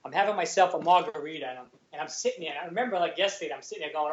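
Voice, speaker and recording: A middle-aged man with a New York accent, a guest telling a story in animated, chatty fashion, acting out other people's lines and laughing often. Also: a little high, racing. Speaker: guest, actor and former police sergeant. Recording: roomy, slightly dull lo-fi sound.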